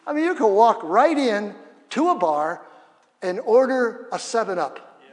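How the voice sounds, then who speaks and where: A male pastor preaching a sermon in a church, energetic and humorous, leading the congregation in call-and-response. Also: high voice, measured pace. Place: church sanctuary. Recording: long reverb of a church hall.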